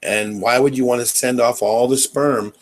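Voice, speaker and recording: A man's voice: medium pitch, steady tone, moderate pace, slight background noise, rough recording. A man hosting a casual live chat on a video call, questioning and pushing back on his guest. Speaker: host.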